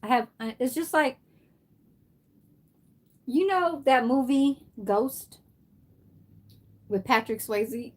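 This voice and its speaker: Her voice is high with lively intonation, and she takes her time, leaving long pauses. She's a middle-aged woman from San Francisco, USA, hosting a casual livestream where she rambles through a story and curses freely.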